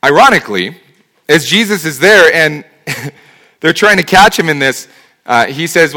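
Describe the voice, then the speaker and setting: A man's voice: on the high side, lively intonation, moderate pace, pauses often, bright, forceful tone. A man preaching a sermon as pastor, speaking conversationally and asking rhetorical questions.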